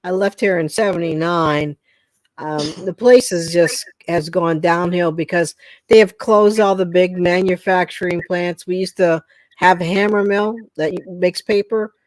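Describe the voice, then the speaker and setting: A woman's voice: fairly low pitch, fairly even intonation, darkish tone, dry recording. A woman in her sixties from Pennsylvania, chatting emphatically as host of a casual live talk. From Pennsylvania, USA. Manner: chatty, emphatic, quick to laugh along. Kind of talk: casual chat.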